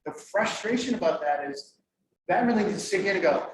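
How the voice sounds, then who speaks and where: A middle-aged man presenting at a conference, lively and joking as he quizzes the audience. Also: high voice, brisk. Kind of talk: interactive workshop talk. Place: conference room. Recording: echoey room, mic far off, faint noise.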